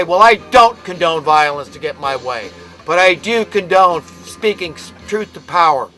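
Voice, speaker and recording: A man's voice: fairly high pitch, animated, normal speed, a bit bright, faint music behind, rough recording. An American man delivering an impassioned, ranting monologue, emphatic and preachy. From United States. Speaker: commentator.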